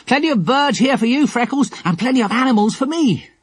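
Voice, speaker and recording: A jovial, teasing schoolboy voiced by a man ribbing the girls in a storybook. The voice is raised and lively with a husky grain, recorded dry and close. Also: very high voice, fairly quick, no echo, pitched above the performer's own voice, heavily acted.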